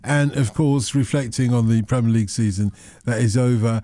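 A man's voice: medium pitch, normal speed, mellow, no echo. A man hosting a sports radio phone-in from a studio, chatty and playful with jokey asides. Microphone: studio microphone.

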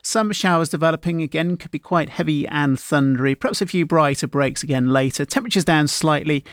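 A man presenting a scripted radio weather forecast in a measured, even way. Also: a little high, dry recording, studio quality.

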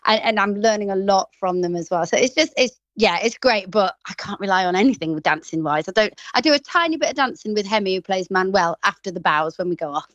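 Quick and barely pausing, a woman in her thirties from Grimsby, England, talks effusively about her stage work in a relaxed interview, peppering it with "like" and restarts. Her mid-range voice is a bit bright with lively intonation, captured in a dry, dull-sounding recording.

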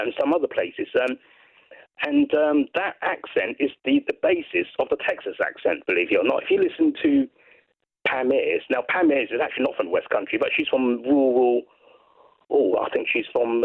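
An English man calls in to a radio show over a narrow, tinny phone line. He rambles with enthusiasm and trips over his own restarts. His voice is gravelly and a little husky, and it rises and falls a lot. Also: medium pitch. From England. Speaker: caller. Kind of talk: casual chat on a radio phone-in.

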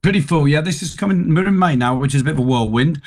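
A man's voice: fairly high pitch, quick pace, a little mellow. A man, a tribute singer guesting on a radio show, chatting casually and telling stories with lots of restarts. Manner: chatty anecdotal storyteller, frequent restarts. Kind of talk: casual radio interview chat.

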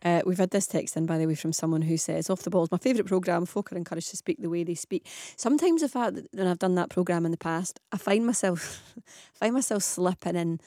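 A woman's voice: on the low side, a little fast, dark tone, no room sound. A Scottish woman presenting a radio phone-in, chatty and reading out listener messages in a studio. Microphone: studio microphone.

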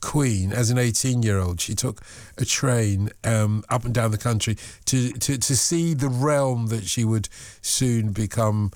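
A man's voice: mid-range voice, a little slow, a little mellow, no room sound. A man hosts a radio phone-in from the studio. He chats easily and drops in short replies. The sound is dry and close. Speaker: radio host.

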